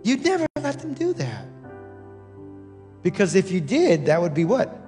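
A man preaching a sermon as pastor, repeating lines and building to shouts. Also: sits high, huge pitch swings, a little slow, soft background music.

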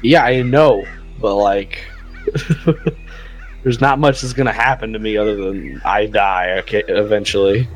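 A man's voice: lowish voice, measured pace. Man, tabletop player, brash, swearing, joking, faint music. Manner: brash, profane, laughing. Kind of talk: casual game chat.

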